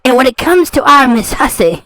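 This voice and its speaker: Her sing-song voice is high-pitched and fairly bright, at normal speed on a dry recording. She's a reaction-channel host whose ranting commentary is sarcastic and taunting, repeating words for scorn.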